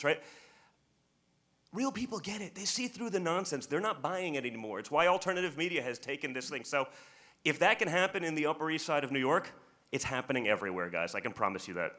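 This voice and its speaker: Bright-voiced man speaking at a press conference. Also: a little high. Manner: rambling, storytelling, repeats words when starting sentences.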